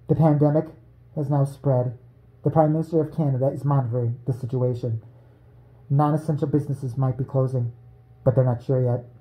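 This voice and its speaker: A man voicing a deadpan, weary woman producer who gives grim announcements in a flat, exasperated way. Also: mid-range voice, voice pushed down, lightly acted, low-quality recording.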